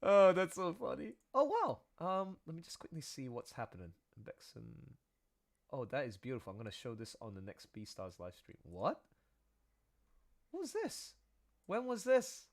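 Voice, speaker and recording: A man's voice: medium pitch, very animated, moderate pace. A man chatting casually on a livestream, playful and rambling, laughing easily. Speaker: streaming artist. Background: music.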